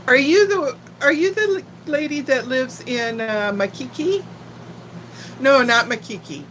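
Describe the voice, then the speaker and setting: A woman's voice: high-pitched, measured pace, a bit bright, slight background noise, poor audio. Giggly older woman with a faint Texan accent. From Texas. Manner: chatty, giggly, talks straight to viewers. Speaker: livestream host chatting with viewers. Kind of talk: casual live chat.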